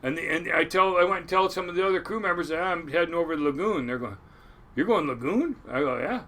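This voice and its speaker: A man in his sixties, a crab boat captain, telling his life story in an interview, animated and salty, acting out the people he quotes. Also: a little high, fast talker.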